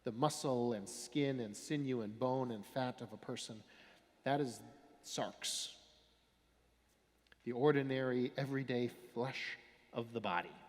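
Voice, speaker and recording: Male pastor, mid-range voice, wry explanatory sermon, reverberant sanctuary. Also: mid-range voice. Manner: wry, explanatory, dramatic pauses. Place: large church. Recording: long church reverb.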